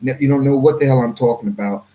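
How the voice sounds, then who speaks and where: A man hosting his own channel, reading viewer comments in a rambling, blunt way and clearing his throat often. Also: mid-range voice, fast, warm tone, poor audio. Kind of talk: casual livestream commentary.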